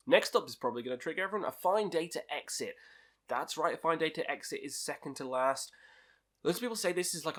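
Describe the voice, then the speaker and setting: A man's voice: mid-range voice, a bit bright. A man hosting a casual album ranking review, chatty and opinionated, with lots of ums and likes. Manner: chatty and opinionated, with many fillers. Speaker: music reviewer host.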